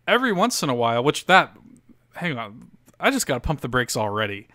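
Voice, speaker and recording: A man's voice: mid-range voice, sing-song, fairly quick, bright, forceful tone, no room sound, studio quality. A man hosting a casual podcast, reading an article aloud with lots of laughter and loose, profane storytelling. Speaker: podcast host.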